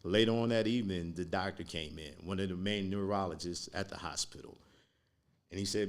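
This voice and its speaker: A man speaking as a podcast guest, telling a personal story in a slow, earnest way. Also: low voice.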